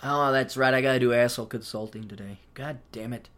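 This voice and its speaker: A man's voice: medium pitch, quick pace, fairly bright tone. A man hosting a solo podcast, ranting in a sardonic, profane way and slipping into mocking voices for quoted asides. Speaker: podcast host.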